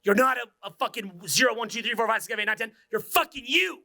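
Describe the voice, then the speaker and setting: High-pitched forceful seminar coach in his forties, profane, swings whisper to shout. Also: very fast, vocal fry, no room sound, clean studio sound. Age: 40s. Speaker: dating coach. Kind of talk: motivational seminar talk.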